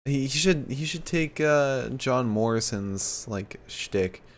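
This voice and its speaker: A man's voice: mid-range voice, expressive, takes it slowly. A man chats loosely on a podcast, often laughing along. His speech is peppered with "like" and casual swearing, and he keeps an easy, offhand tone. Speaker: podcast co-host.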